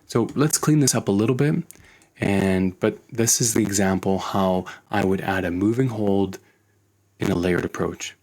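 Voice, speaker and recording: A man teaching animation in a screen-recorded tutorial, relaxed and thinking aloud as he works. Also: lowish voice, normal speed, a little hiss or hum. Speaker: animation instructor.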